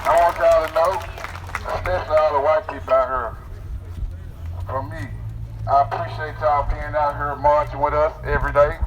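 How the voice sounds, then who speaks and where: A man speaks warmly and plainly to a crowd of protesters outdoors. He sounds set back from the mic, with a faint hum of street noise around him. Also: a little high, little pitch movement, normal speed, recorded from a distance. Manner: friendly, plain-spoken address to a crowd. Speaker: protest organizer. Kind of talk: speech to a crowd.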